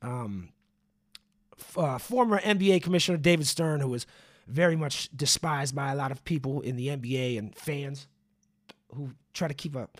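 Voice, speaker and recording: A man's voice: mid-range voice, moderate pace. A man hosting a podcast on his own, talking in a rambling, profane way with lots of fillers and asides. He has had the hiccups for days. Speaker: podcast host. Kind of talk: casual solo podcast monologue.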